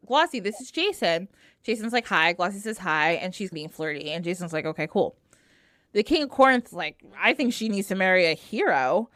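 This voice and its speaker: A woman's voice: medium pitch, a bit bright, clean tone, no echo. Brief: woman, casual slangy myth retelling, dry close sound. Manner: slangy, laughing, acts out characters. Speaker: podcast co-host.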